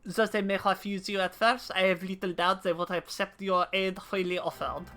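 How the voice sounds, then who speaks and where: A woman voicing a gruff old male soldier with a put-on accent mixing German and French. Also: medium pitch, steady tone, normal speed, a bit bright, faint music behind, close to an everyday voice. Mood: solemn. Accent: mock German-French mix. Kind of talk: voicing game dialogue while streaming.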